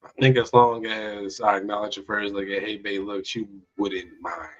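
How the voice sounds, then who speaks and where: A man answering a question in a casual chat, low-key and measured. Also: little pitch movement, fairly bright tone, highs cut off.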